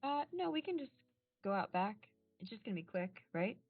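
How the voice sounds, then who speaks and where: A woman's voice: mid-range voice, big pitch swings, moderate pace, slightly rough, no echo, faint music behind. A woman playing a tabletop role-playing game, answering and acting boldly as her character. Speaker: player. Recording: tinny, dry phone-like sound.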